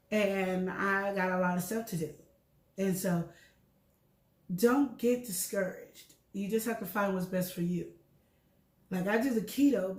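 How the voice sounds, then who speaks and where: In an echoey room, a middle-aged female co-host speaks at a medium pitch during a casual health chat. She's frank about her own health and brings her anecdotes to life by performing the dialogue.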